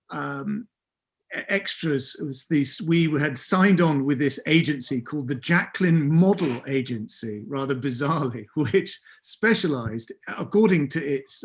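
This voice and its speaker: A middle-aged man from England telling anecdotes as an interview guest, hesitant, with many fillers and self-corrections. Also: fairly high pitch. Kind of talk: casual anecdotal recollection.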